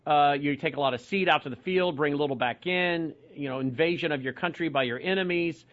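A man hosting a radio and television call-in talk show, briskly reading out web addresses and phone numbers. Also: on the high side, fairly bright tone. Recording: muffled broadcast audio.

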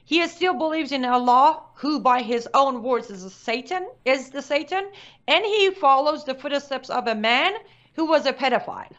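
A woman's voice: high voice, animated, normal speed, fairly bright tone. A woman guest on a talk show who states her views emphatically and firmly. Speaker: guest commentator. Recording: dull lo-fi sound.

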